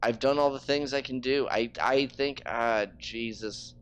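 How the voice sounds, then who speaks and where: A man's voice: lowish voice, fairly bright tone, clear, resonant tone. A man streaming a game live, ranting in frustration and swearing freely. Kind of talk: casual live-stream talk.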